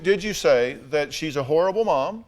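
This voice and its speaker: A man's voice: on the high side, expressive, moderate pace. Southern male talk show host, blunt, dry-humored questioner, studio stage. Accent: Southern American. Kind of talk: confrontational interview questioning.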